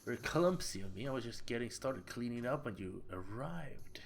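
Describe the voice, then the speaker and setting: A man's voice: mid-range voice, expressive, moderate pace, creaky, faint music behind. A Swedish-speaking man voicing a creepy, grinning male innkeeper from a butcher family, with a lisp and a sinister, half-whispered manner. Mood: flustered denial.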